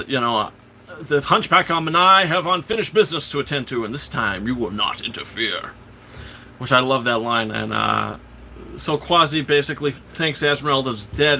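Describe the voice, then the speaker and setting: A man hosting a live show, excitedly retelling a film's plot in a rambling, casual way, quoting the characters as he goes. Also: mid-range voice, slight background noise. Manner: excited, rambling retelling full of fillers and restarts; quotes characters in passing. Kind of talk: casual film recap on a livestream.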